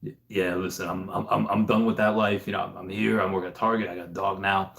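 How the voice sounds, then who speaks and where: A man doing a gruff voice as a weary retired soldier who refuses a call back to duty. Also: deep voice, flat delivery, fast, a bit bright. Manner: world-weary, reluctant.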